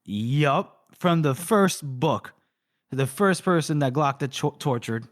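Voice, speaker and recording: A man's voice: fairly high pitch, lively intonation, slow pace. Casual man retelling a story. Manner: rambling retelling with quoted dialogue and fillers. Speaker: podcast co-host. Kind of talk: casual book recap.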